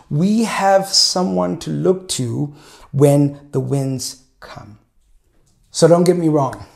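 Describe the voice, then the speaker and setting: A man in his thirties, a pastor preaching a sermon in a measured way, slowing down to stress key points. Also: medium pitch, creaky, a little mellow. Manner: measured preaching, slows for emphasis.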